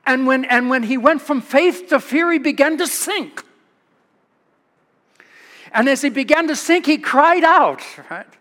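Animated American pastor preaching in a reverberant church. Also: male voice. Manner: animated, chuckling storyteller, rises in pitch for dramatic moments. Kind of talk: sermon. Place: church sanctuary.

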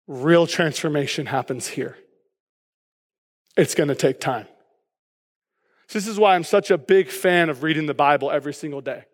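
A man's voice: fairly high pitch, in a large hall. A man preaching a sermon as pastor, casual and joking, often checking in with the congregation with "okay?".

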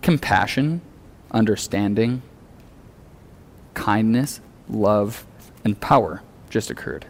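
A male pastor preaching a sermon in a relaxed, conversational way, earnest and often acting out the lines he quotes. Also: lowish voice, slow pace, long pauses.

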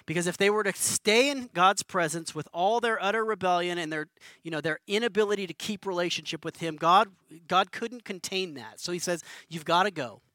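A man's voice: high-pitched, fairly quick, sharp tone, no echo. A man preaching a conversational sermon as pastor, earnest and informal, often restarting and repeating words.

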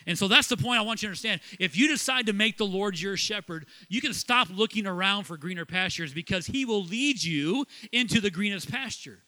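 A middle-aged man from Ohio preaching a sermon as pastor, lively, asking questions and laughing at himself. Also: high voice, brisk, few pauses. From Ohio, USA.

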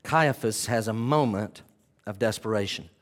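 A male pastor preaching an animated sermon, telling the story with vivid retelling and addressing the listeners as "guys". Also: on the low side, moderate pace.

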